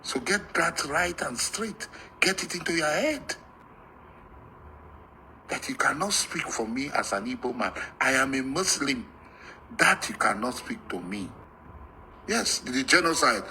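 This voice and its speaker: A middle-aged Nigerian man giving a heated, defiant monologue, repeating himself and rising to shouts. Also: medium pitch, a little hiss or hum, poor audio. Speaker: political activist.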